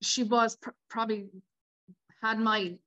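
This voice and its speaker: A woman's voice: fairly high pitch, a little slow. Woman in her fifties telling a story. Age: 50s. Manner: animated, acts out quoted dialogue. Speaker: guest. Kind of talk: casual storytelling.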